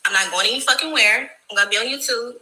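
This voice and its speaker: Blunt high-voiced woman, echoey clip. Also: fast talker, sharp tone. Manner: blunt, profane, emotional, laughs through it. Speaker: reality TV cast member. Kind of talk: candid interview clip.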